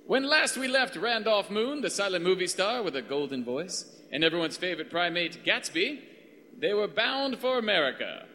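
A man's voice: high-pitched, expressive, normal speed, pushed and bright, long reverb tail. A man narrating a radio drama in a theatrical, announcer-like manner.

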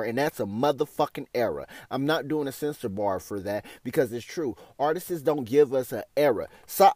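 A man, hosting a casual opinion show, sassy and animated, often calling listeners "honey". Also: fairly high pitch, no room sound, clean studio sound. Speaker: podcast host.

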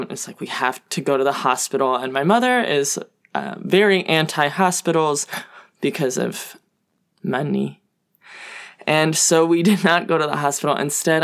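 A woman's voice: sits low, gravelly, fairly bright tone. A young woman telling comic personal stories in a casual, self-deprecating way, full of fillers. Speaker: guest storyteller.

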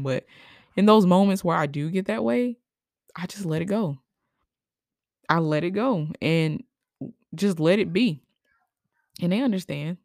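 A young woman hosting a personal podcast, speaking emotionally and haltingly, with many fillers, and at times crying. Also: sits low, gravelly, a little mellow, dry recording, clean studio sound. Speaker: podcast host. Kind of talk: personal reflective monologue.

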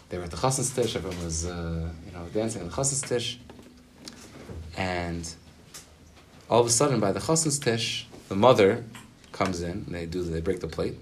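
Deep-voiced rabbi telling a story. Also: male voice, a little hiss or hum. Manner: casual, rambling, full of fillers and Hebrew terms. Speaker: rabbi teaching a weekly gathering. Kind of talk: spontaneous Torah talk and storytelling. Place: group gathering in a room.

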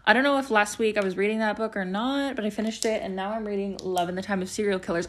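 A woman's voice: mid-range voice, fairly even intonation, fast talker, few pauses. A young woman hosting her own podcast from home, rambling casually with lots of fillers and swearing. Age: young adult. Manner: rambling and chatty, heavy use of "like" and swearing. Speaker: podcast host. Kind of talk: casual chat.

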